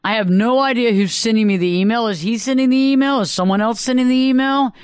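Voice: mid-range voice, fast talker, clear, resonant tone, no echo. A radio talk show host speaking earnestly into a studio microphone, telling stories and repeating phrases for emphasis. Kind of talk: solo talk radio monologue.

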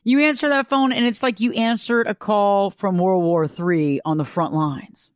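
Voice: mid-range voice, unhurried, clean tone, no room sound, clean studio sound. A radio talk show host, delivering a folksy, conversational monologue.

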